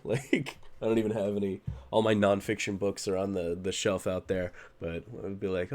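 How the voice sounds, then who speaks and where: A man's voice: fairly low pitch, normal speed, hardly any pauses, darkish tone. A man streaming a reaction to a video, with casual commentary full of sarcastic asides and frequent laughter.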